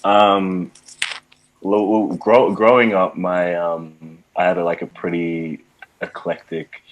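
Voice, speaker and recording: A man's voice: sits low, little pitch movement, takes it slowly, lo-fi sound, a little hiss or hum. A young man from Ghana, a musician guest chatting casually in an interview, laid-back and full of "like" and "um" fillers.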